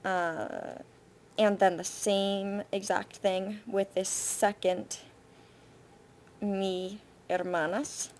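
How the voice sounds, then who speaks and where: A woman Spanish teacher, recording patient spoken feedback on a student's essay, thinking aloud with frequent pauses and fillers. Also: medium pitch, level tone, a little mellow, slight background noise. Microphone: computer mic for screen recording.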